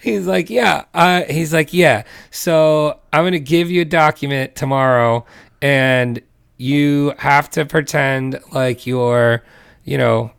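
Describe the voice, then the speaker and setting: A man co-hosts a podcast in loose, chatty storytelling mode, laughing often and slipping into the voices of the people in his story. His voice has a gravelly, creaky edge. The sound is dry and close, with no room in it. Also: on the high side, slow pace, no room sound. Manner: animated, laughing, acts out quoted voices. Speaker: podcast co-host. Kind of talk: casual storytelling chat.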